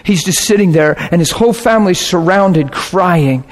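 A man preaching, telling a personal story with lively swings between hushed and shouting moments. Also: sits high, normal speed. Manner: animated, bursts into shouting and laughter. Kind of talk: sermon storytelling.

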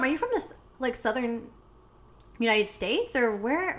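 A woman's voice: high voice, sing-song, unhurried, a bit bright. A woman from Canada hosting a podcast, chatting casually and laughing often. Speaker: podcast host.

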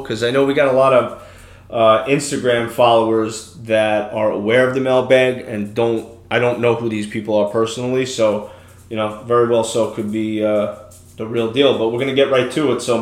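A man's voice: mid-range voice, steady tone, normal speed, roomy sound. A man in his thirties from New York, hosting a podcast and telling stories in a loose, casual way, swearing freely. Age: 30s. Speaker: podcast host. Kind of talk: casual chat.

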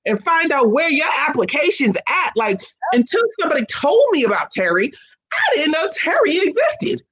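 A woman's voice: sits high, very animated, normal speed, fairly bright tone, low-quality recording. A woman in casual conversation as a guest, an autism mom telling her story with energy and acting out the voices of people she quotes. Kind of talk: casual chat.

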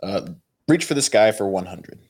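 A man answering as a contestant in a casual trivia game, quick and animated in his replies. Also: on the low side. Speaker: podcast host, quiz contestant. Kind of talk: casual banter.

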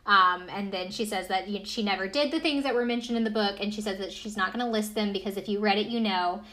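A woman's voice: medium pitch, fast talker, a bit bright. A woman co-hosting a podcast, chattily retelling events with lots of fillers and easy laughs. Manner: chatty storyteller, laughs easily, filler-heavy. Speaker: podcast co-host. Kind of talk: casual chat recapping a reality show.

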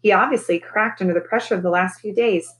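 A woman teacher reading a children's novel aloud to her class in a calm, steady storytelling voice. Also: medium pitch, quick pace, poor audio.

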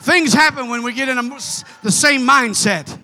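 Shouting high-voiced fervent preacher man. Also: normal speed, soft background music. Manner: impassioned, repetitive calls, often shouting; urges the congregation with "come on" and "amen". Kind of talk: fervent sermon.

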